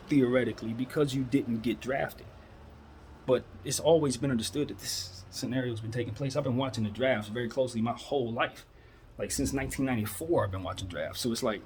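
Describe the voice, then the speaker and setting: A man's voice: mid-range voice, a little fast, darkish tone, a little hiss or hum. A man in his thirties hosting a solo basketball talk show, giving casual, opinionated commentary full of rhetorical questions. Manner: repeats "that's how I'm looking at it" and "man".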